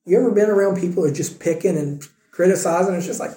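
A man's voice: high voice, fast talker, dark tone, echoey room, poor audio. A man preaching a conversational sermon as pastor, using rhetorical questions. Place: church sanctuary.

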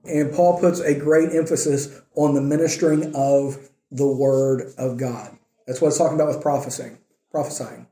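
Pastor preaching in an echoey room. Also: male voice, mid-range voice, fairly even intonation, moderate pace, mellow. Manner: conversational preaching, checks in with "right?" and "okay?". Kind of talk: sermon.

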